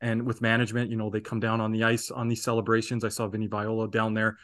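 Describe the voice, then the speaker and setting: A man's voice: fairly low pitch, monotone, fast, a bit bright. A man co-hosting a fan podcast in casual sports chat, talking in a rambling, earnest way. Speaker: podcast co-host.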